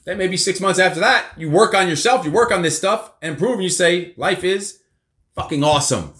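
A man's voice: sits high, fairly quick. A man hosting a casual live show with his kids, joking and swearing freely. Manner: profane, joking, loud bursts. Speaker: podcast host and father.

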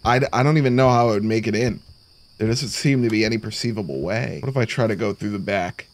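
A man's voice: on the low side, fast. A man casually commenting on a horror game as he plays, jumpy and talking to himself, with lots of "bro" and "dude". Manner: jumpy, reacts aloud, talks to himself, says bro and dude. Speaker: horror game let's player.

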